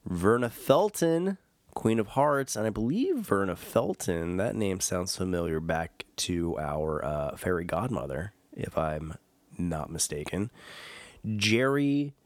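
A man hosts a podcast in a deep, low voice, taking his time over each thought. His talk rambles and fills up with ums and uhs as he pokes fun at himself. The sound is close and dry, with no room around it. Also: dry recording. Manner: rambling, jokey and self-mocking, with many fillers. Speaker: podcast host. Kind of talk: casual solo podcast chat.

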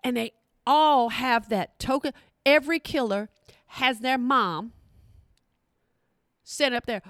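A woman hosting a podcast alone, talking in a chatty, animated way with folksy slang, addressing her listeners directly. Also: a little high, slow, pauses often, no room sound, studio quality. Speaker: podcast host. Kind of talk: casual podcast monologue.

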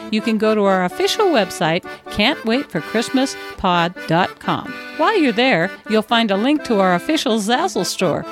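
A woman hosting a podcast, reading the closing credits in a brisk, upbeat way. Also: on the high side. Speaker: podcast host. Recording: music playing behind the voice.

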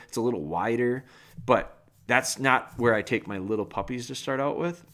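Folksy plain-spoken male dog trainer. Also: fairly low pitch. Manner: folksy, plain-spoken, animated, mild cursing. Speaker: dog trainer and podcast host. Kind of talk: casual advice talk.

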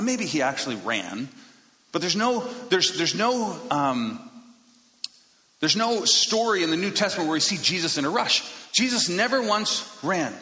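A man preaching a sermon to his congregation in a casual, conversational way, with quick self-deprecating asides, speaking into a microphone. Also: a little high, bright, forceful tone. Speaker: pastor. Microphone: handheld or stage microphone. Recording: echoey hall reverb.

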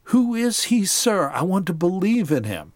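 A man's voice: sits high, big pitch swings, moderate pace, no echo, clean studio sound, pitched above the performer's own voice. A man playing a stubborn healed blind man. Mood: insistent. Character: formerly blind man, plain-spoken and stubborn.

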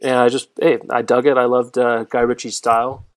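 Brief: male podcast guest, joking and flirty, easygoing, mid pitch. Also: flat delivery, a little fast. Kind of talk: casual podcast chat.

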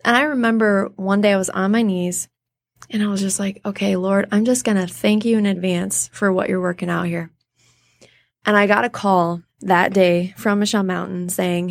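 An animated woman in her thirties talks as an interview guest. Her pitch is middling. She tells stories and acts out the people she quotes. The sound is dry and close to the mic. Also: normal speed, gravelly, no echo. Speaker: guest, theater artist. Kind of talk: casual interview storytelling.

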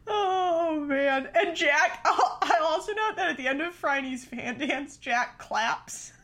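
A woman with a high voice chatting casually on a podcast. She jumps in eagerly with her own notes and peppers her talk with "like.". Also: animated, slow, sharp tone. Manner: enthusiastic, adds her own notes and lots of "like". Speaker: podcast co-host. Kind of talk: casual chat.

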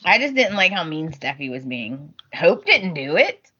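A woman's voice: sits low, moderate pace, slightly rough. A woman co-hosting a podcast, chatting casually and acting out scenes with lots of laughter. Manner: animated, laughs often, acts out characters' lines. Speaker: podcast co-host. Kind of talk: casual chat recapping a soap opera. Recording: dull lo-fi audio.

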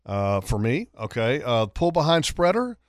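Male radio host, mid-pitched, casual and talkative, dry studio sound. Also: very animated, moderate pace, no echo. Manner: chatty, reads ads and marine forecast. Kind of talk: casual talk radio banter.

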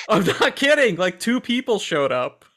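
A male podcast co-host chatting casually about movies, with a slightly high, very lively voice that jumps around as he gets worked up. He laughs a lot and swears freely. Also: measured pace. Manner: laughs often, swears, excitable.

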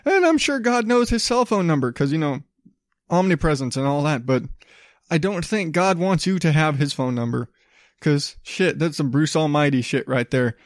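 A man's voice: fairly high pitch, animated, moderate pace, dry recording, clean studio sound. A man hosting a podcast, ranting in a blunt, profane, casual way. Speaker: podcast host.

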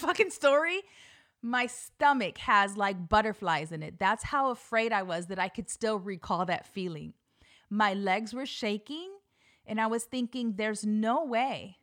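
A woman telling a personal story in a casual, animated, profane way, laughing often and acting out what people said. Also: a little high.

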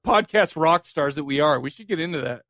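A man's voice: on the high side, animated, fairly quick, fairly bright tone, no echo. A man co-hosting a podcast in casual chat, laughing often and teasing his co-host.

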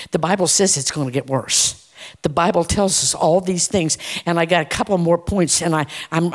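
Folksy woman preaching in an echoey church. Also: medium pitch. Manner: folksy, emphatic, many "uh" restarts. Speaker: church speaker. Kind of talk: sermon. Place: church sanctuary.

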